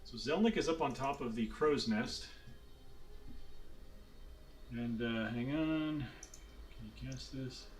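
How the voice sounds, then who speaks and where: A man's voice: mid-range voice, slow, long pauses. A man narrating as dungeon master, loose and swearing, laughing often, with faint hiss behind. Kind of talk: narrating a tabletop game.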